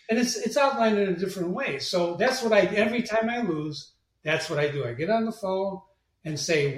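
A man telling stories as a guest in an interview, animated and acting out the voices of people he quotes. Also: sits high, brisk. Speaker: guest, marketing agency president. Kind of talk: storytelling interview talk. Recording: roomy, distant from the mic.

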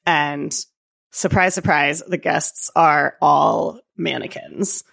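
A woman co-hosting a podcast, retelling scenes in a lively casual chat and acting out the people in them. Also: sits low, takes it slowly, creaky. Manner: animated retelling with quoted voices and frequent laughs. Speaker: podcast co-host.

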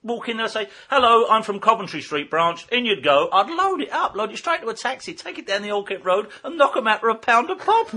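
A man's voice: very high-pitched, big pitch swings, a little fast, pushed and bright, slight background noise. An older man in casual chat, telling rambling anecdotes from his shop days and often breaking into laughter. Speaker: guest recalling work in a record shop.

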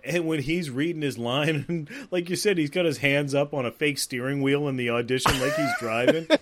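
A podcast co-host with a slightly high voice and lively intonation chats casually about a movie at a brisk clip. He swears a lot, leans on "like" as filler, and acts out lines. Background noise can be heard.

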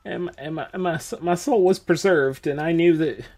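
A woman's voice: sits low, a little fast, darkish tone. A woman playing a tabletop role-playing game in character, rambling, stumbling over her words and giggling. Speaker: player.

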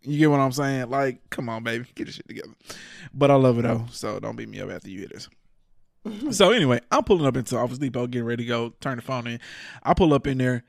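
A man's voice: medium pitch, fast, creaky, no room sound, studio quality. A man telling a story in casual chat, cursing freely, laughing often and acting out what other people said. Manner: profane, animated, acts out quoted people.

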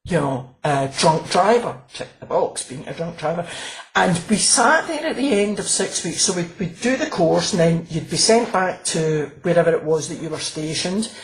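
A woman's voice: fairly low pitch, expressive, normal speed, low-quality recording. Chatty woman, laughing storyteller. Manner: chatty, restarts often, laughs while telling stories. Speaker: crime author and former police officer. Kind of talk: casual interview chat.

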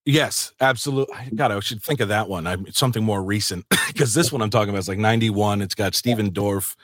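A man's voice: on the low side, quick pace, no echo, studio quality. A middle-aged man hosting a podcast, telling stories in a casual, profane way and laughing often. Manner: animated, profane storyteller who laughs a lot. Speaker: podcast host. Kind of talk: casual chat.

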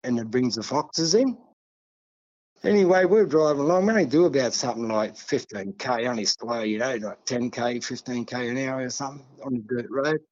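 A man's voice: medium pitch, fairly quick, a little mellow, highs cut off. An older man with an Australian accent, telling stories in a rambling, folksy way as a podcast guest. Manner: rambling, folksy, peppers talk with "see" and "mate". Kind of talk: casual storytelling.

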